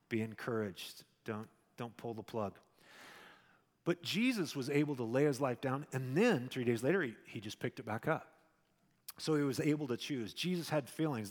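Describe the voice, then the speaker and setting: Male pastor, conversational sermon, swings loud then soft, mid-pitched voice, long hall echo. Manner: conversational preaching, shifts between loud emphasis and quiet asides.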